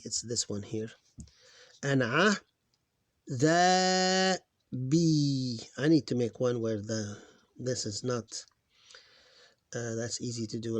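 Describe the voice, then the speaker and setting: A man gives a phonics lesson at a deliberately unhurried pace, breaking words into syllables and repeating them. His voice sits at an ordinary pitch and is recorded close and dry, with no room sound. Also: no echo. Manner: slow, sounding out syllables one by one. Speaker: Arabic reading teacher.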